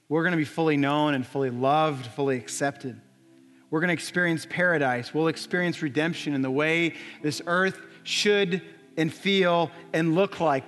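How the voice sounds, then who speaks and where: A young adult man preaching a sermon in a church, telling a story with earnest repetition. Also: a little high. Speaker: pastor. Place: church sanctuary. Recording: long church reverb, soft music.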